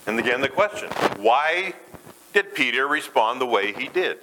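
Conversational preacher with lively pitch. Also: male voice, moderate pace, noisy background. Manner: conversational, asks the congregation questions. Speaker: pastor. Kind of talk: sermon. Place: church.

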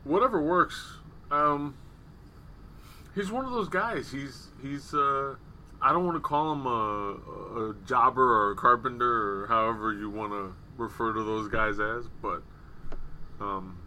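A man co-hosting a podcast, telling stories in loose, profane casual chat with animated quoted asides. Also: medium pitch, measured pace, slight background noise. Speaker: podcast co-host. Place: home studio with wrestling on TV behind. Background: faint TV ambience.

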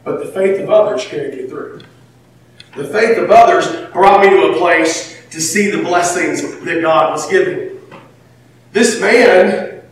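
High-voiced man preaching in an echoey hall. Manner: animated, swings between shouting and near-whispering. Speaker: pastor. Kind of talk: sermon. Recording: echoey hall from far off, faint ambience.

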